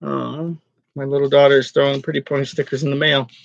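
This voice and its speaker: Speaking at a medium pitch in a level tone with vocal fry, this man hosts a casual online reseller vlog. He rambles, cracks jokes, complains and is quick to laugh, all captured in a dull, dry, lo-fi recording.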